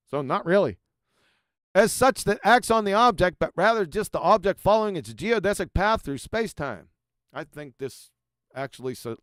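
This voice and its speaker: A man with a high, very animated voice reads quoted passages emphatically, then breaks in with sarcastic, mocking remarks. His asides sink to a low mutter. The sound is smooth and resonant, recorded dry and close. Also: no room sound. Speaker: channel host. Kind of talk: commentary over quoted slides.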